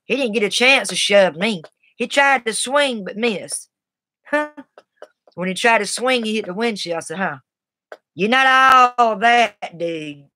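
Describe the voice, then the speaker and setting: A woman's voice: mid-range voice, normal speed, pauses often, bright, forceful tone, no echo. Blunt, tough-talking woman telling a story. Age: adult, has a daughter. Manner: blunt and tough, Southern-sounding colloquial speech. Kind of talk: casual personal storytelling.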